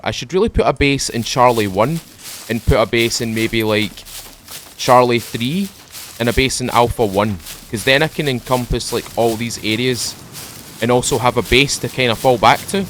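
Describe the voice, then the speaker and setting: A man at home talking into a desk microphone, giving a relaxed, rambling commentary while playing a game. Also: mid-range voice, normal speed, a little hiss or hum. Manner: rambling, chatty, drifts off topic; mellow, laid-back morning mood. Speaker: gaming channel host. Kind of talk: casual let's-play commentary.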